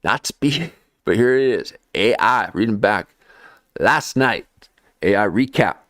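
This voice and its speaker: A man's voice: lowish voice, lively intonation, a little slow, fairly bright tone, no room sound, studio quality. A man hosting a livestream in casual rambling talk, playful, with sudden sing-song jumps and constant "okay?" tags. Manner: laughs often. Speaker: livestream host.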